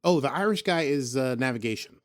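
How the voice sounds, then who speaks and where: A man's voice: medium pitch, animated, fairly quick. A man hosting a podcast in casual chat, rambling and jokey, often breaking off and restarting his sentences. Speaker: podcast host.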